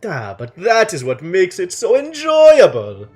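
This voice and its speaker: A man voicing a charming, flirtatious male trader with a grand, drawn-out delivery, reading game dialogue aloud. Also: high-pitched, wildly swooping pitch, darkish tone, breathy edge, voice pushed up, full character voice. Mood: smooth bargaining.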